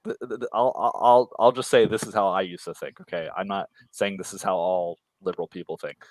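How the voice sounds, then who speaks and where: A low-pitched man talks in a blunt, profane, casual way on a livestream. His voice sits very low and the sound is dry and close, with no room around it. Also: fairly quick, no room sound. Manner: blunt, profane, mocking voices when quoting. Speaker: co-host.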